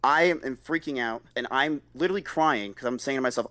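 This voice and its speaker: A man's voice: medium pitch, quick pace, pushed and bright, no echo. A man on a recorded call, telling a story in an agitated, defensive way and swearing often. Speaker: streamer on a call. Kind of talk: emotional recounting in a recorded call.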